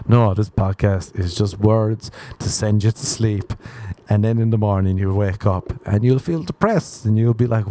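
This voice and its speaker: A man's voice: on the low side, warm tone, a little hiss or hum. A young man hosting a solo podcast, rambling crudely and mocking himself, often laughing at his own jokes. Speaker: podcast host. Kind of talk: solo comedic podcast rant.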